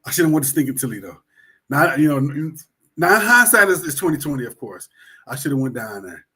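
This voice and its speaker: A man's voice: on the high side, sing-song, brisk, sharp tone, breathy edge. A man co-hosting a sports talk show, talking in a laid-back, reflective way in casual chat.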